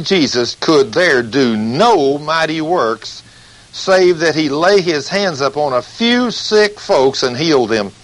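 A man's voice: mid-range voice, fairly bright tone, poor audio. Dramatic male preacher. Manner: dramatic, acts out the scenes and voices he quotes; asks rhetorical questions. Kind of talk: sermon. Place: studio recording between breaks.

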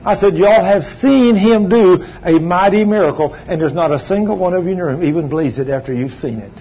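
An older man preaching a sermon, telling a testimony with emphatic, drawn-out phrases. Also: high voice. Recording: slightly dull sound, faint background hum.

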